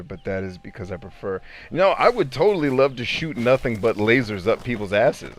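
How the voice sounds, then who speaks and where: A man casually chatting with viewers on a live game stream, animated, laughing often and swearing freely. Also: lowish voice. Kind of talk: casual live-stream chat while gaming.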